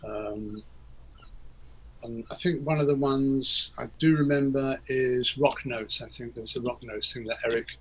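A husky man rambles through old recording stories, stopping often to restart his sentences. His voice sits at an ordinary pitch, with a slight rasp throughout. He sounds like a guest in a relaxed conversation. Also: measured pace, low-quality recording. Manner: rambling, hesitant, many fillers and restarts. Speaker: interview guest, record producer. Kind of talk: casual interview.

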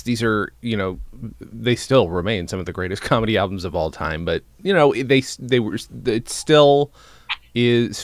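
A man's voice: on the low side, no room sound. A man hosting a casual interview, enthusiastic and admiring as he asks his questions. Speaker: interviewer, podcast host.

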